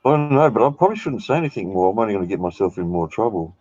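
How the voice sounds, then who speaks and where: A man's voice: on the low side, expressive, very fast, a little mellow, no echo, lo-fi sound. A man in casual chat, teasing and laughing easily.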